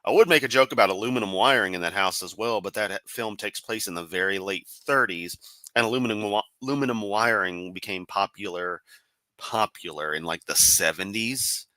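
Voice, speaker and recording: Low, bright-toned sarcastic male streamer. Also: a little fast, no room sound. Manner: sarcastic, profane, rambling. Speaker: stream commentator. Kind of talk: sarcastic live-stream commentary.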